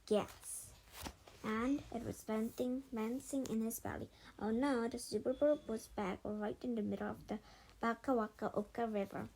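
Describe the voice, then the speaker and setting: A woman reading a children's storybook aloud, expressive, sometimes stumbling and restarting. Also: a little high, moderate pace, creaky, slight background noise, poor audio. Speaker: storybook reader.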